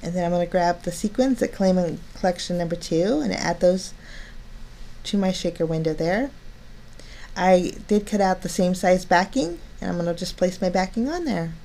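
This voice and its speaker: A woman's voice: on the low side, moderate pace, mellow. A woman narrating a card-making tutorial, chatty and step-by-step, delighted with her work.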